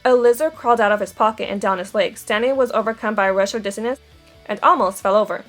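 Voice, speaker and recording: A woman's voice: medium pitch, quick pace, faint music behind. A woman reading a novel aloud, giving the dialogue light character voices. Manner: steady storytelling with quoted dialogue. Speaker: audiobook reader.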